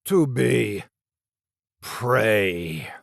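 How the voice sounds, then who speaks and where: A rasping inhuman creature, as a man puts it on. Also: on the low side, very animated, no echo, studio quality, exaggerated voice. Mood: menacing. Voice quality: rasping, wheezing, hissing. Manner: slow, halting, broken phrases. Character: taunting inhuman creature, hoarse and predatory.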